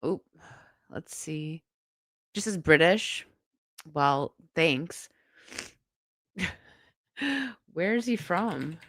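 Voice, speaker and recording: A woman's voice: low-pitched, lively intonation, drawn-out words, long pauses, no room sound. Chatty, sick woman streamer. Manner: chatty, rambling, laughs often. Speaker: streamer host. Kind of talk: casual live-stream commentary.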